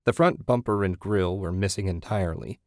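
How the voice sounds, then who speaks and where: A man narrating a novel in a steady, measured voice that sits on the low side. The recording is dry and close, with no room sound around him. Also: dry recording. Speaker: audiobook narrator. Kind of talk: scripted narration.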